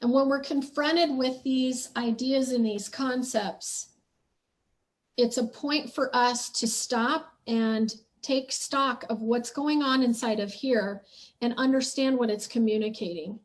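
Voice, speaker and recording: Slow, high-voiced woman podcaster. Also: fairly even intonation. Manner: earnest, reflective, emphatic. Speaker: podcast host and spiritual teacher. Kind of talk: personal storytelling monologue.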